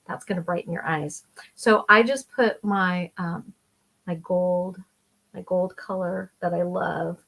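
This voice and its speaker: A woman's voice: fairly low pitch, fairly even intonation, slow pace, vocal fry, a bit bright. A middle-aged woman giving a chatty, enthusiastic makeup tutorial while she applies her eyeshadow. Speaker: makeup vlogger.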